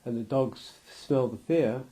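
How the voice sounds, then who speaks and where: A man's voice: mid-range voice, unhurried, dark tone. A man giving a loose, rambling interview, restarting his sentences and acting out little scenes with laughter.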